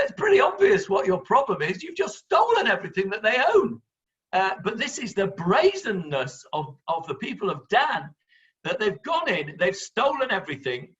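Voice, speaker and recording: A man teaching a Bible class as a rabbi, explaining the text in lively fashion and acting out what the characters say. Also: sits high, muffled recording. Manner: lively, acts out voices of the characters, interrupts the reader.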